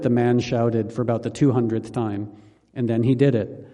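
A man reading his own memoir aloud in a calm, measured, wry manner. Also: mid-range voice, big-room sound. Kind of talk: memoir audiobook narration.

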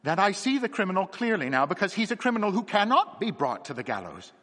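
Man doing a trembling young curate, frantic, high-pitched, long reverb. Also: wildly swooping pitch, a little fast, fairly bright tone, breathy edge, full character voice. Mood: feverish. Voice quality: trembling, feverish, stammering. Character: young male curate, frantic, nervous, excitable.

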